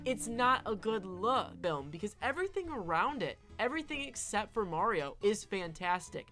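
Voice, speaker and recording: A woman's voice: mid-range voice, very animated, normal speed, a bit bright, faint music behind. Emphatic woman giving casual commentary. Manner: emphatic, often tags points with "all right?". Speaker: online film commentator.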